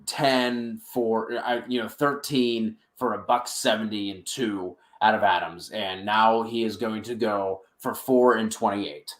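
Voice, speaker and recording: A man's voice: lowish voice, fairly even intonation, measured pace, hardly any pauses, fairly bright tone, echoey room. A man co-hosting a sports betting podcast, chatting casually and stumbling over repeated words as he reels off stats. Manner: stammers and repeats words while reeling off stats.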